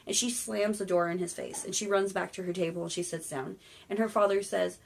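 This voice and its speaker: A woman's voice: fairly low pitch, fairly even intonation, a little fast, vocal fry. A woman casually retelling an old fairy tale in slangy, irreverent talk that includes swearing. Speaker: storyteller.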